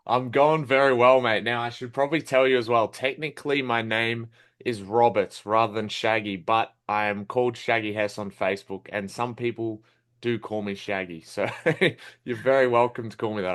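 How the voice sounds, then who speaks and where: A young Australian man with a fairly low voice chats as a guest on a podcast. He rambles in a friendly, easygoing way, often laughing and searching for words. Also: moderate pace, a bit bright. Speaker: guest, film critic. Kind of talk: casual podcast interview.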